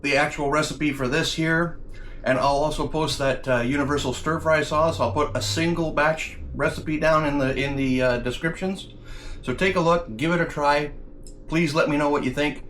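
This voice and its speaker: A man's voice: fairly high pitch, steady tone, moderate pace, fairly bright tone, slight background noise. A man hosting a casual cooking video, chatting to viewers as guys and tasting his food with pleased hums. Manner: talks while tasting, with mm sounds. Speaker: cooking channel host.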